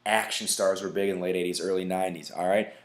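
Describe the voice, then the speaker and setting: A man's voice: low-pitched, fairly even intonation, fast. A man hosting a casual solo podcast, ranting emphatically with lots of swearing and constantly asking "right?". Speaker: podcast host. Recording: echoey room.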